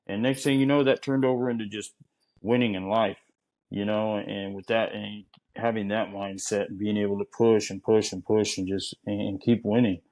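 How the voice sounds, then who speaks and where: A man speaking as a podcast guest, earnest and a little rambling, filling his talk with "you know." His voice is low. His delivery stays flat and even, with little rise or fall. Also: normal speed, rough recording. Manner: earnest, repeats himself, fills with you know. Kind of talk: casual chat.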